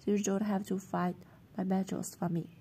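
A woman's voice: mid-range voice, little pitch movement, moderate pace, warm tone, slight background noise, close to an everyday voice. A woman reading the part of a sullen, defiant schoolgirl in a storybook, in an offhand manner.

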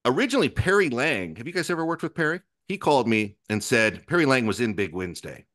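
The recording is clean studio sound with no room noise, and the man's medium-pitched voice moves quickly. Appearing as a podcast guest, he tells a meandering, foul-mouthed anecdote, interrupting himself often and animatedly acting out other people's lines.

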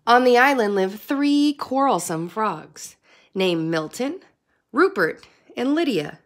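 Slow, expressive woman reading to kids. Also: fairly high pitch. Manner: expressive, slow, sing-song. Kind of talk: storybook read-aloud.

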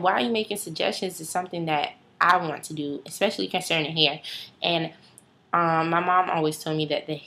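Low-voiced young woman chatting casually. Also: sharp tone. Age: early 20s. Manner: chatty, rambling with many fillers and asides. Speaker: vlogger. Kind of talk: casual chat to camera.

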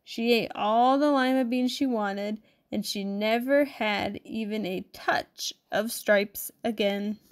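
A woman narrating a children's storybook aloud with expressive, measured delivery. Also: medium pitch. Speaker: storybook reader.

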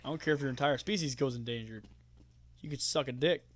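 A man giving let's play commentary, swearing and yelling at enemies with sarcastic asides. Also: mid-range voice, quick pace. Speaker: gamer.

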